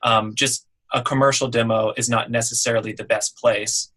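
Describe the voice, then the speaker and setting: A man who produces voiceover demos, giving relaxed, conversational advice in a casual webinar Q&A. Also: mid-range voice, normal speed.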